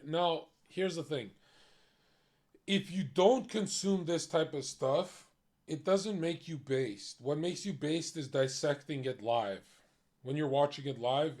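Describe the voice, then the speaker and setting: A young man talks to his stream in a casual, blunt rant. His voice sits a little higher than most men's, and he swears freely as he runs through his opinions. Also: darkish tone. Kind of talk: casual chat.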